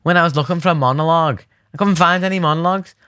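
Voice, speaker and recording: A man's voice: a little high, rapid-fire, bright, forceful tone, clear, resonant tone, no echo, studio quality. A young man with a Scouse accent, chatting animatedly as a podcast guest, rambling with many fillers and restarts. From Liverpool, England. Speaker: podcast guest, poet and theatre maker. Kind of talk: casual interview chat.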